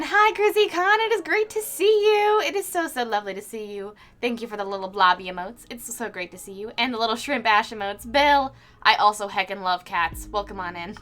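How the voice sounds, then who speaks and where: A woman's voice: mid-range voice, sharp tone. A young woman streaming live while painting, chatting casually, reading out chat messages with lots of fillers and little laughs.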